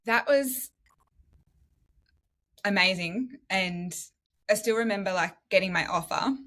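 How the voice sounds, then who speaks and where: An Australian woman in her thirties tells her story as a guest in a relaxed podcast chat. She talks in a lively, animated way, laughs often, and acts out the lines of the people in her story. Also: mid-range voice, slow. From Western Australia. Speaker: guest, medical student and former nurse.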